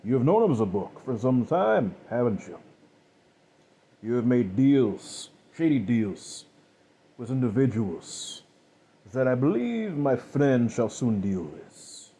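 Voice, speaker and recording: Man voicing a cold, slow-spoken killer, husky, mocking. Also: mid-range voice, sing-song, dark tone, heavily acted. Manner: slow, measured, coldly mocking. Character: calm, menacing male killer, cold and contemptuous.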